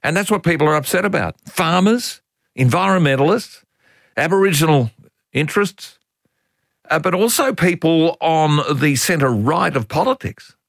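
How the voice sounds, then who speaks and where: An older Australian man hosting talkback radio, with a fairly high voice. His folksy, opinionated delivery is animated and exasperated. He sounds close and dry. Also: normal speed, gravelly, no echo.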